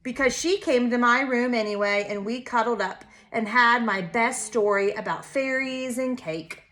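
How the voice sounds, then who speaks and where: A woman, a preschool teacher, reading a picture book aloud to young children and pointing out the pictures. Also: a little high. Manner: slow, expressive, pointing out pictures to kids.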